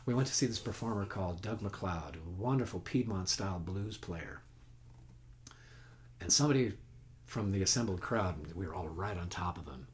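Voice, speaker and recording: Teaching guitar over a home webcast mic, a man chats in a folksy way, counting beats and humming notes while his own guitar plays. His voice sits low and sounds animated, at a moderate pace.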